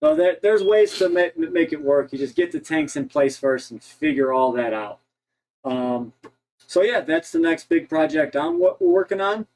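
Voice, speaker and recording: Halting, rambling man, slightly high voice. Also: expressive, a little mellow, low-quality recording. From Ohio. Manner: rambling, halting with many restarts. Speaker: co-host. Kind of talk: casual livestream chat.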